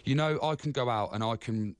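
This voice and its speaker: A man as a radio interview guest, talking earnestly with halting, repeated phrases. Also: mid-range voice, clean tone, no echo.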